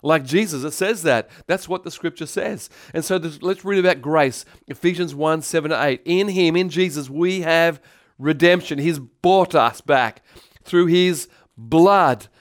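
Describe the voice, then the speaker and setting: A man preaching a sermon as pastor, animated, moving between loud calls for praise and quiet storytelling. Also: a little high, unhurried. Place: church in Tokyo.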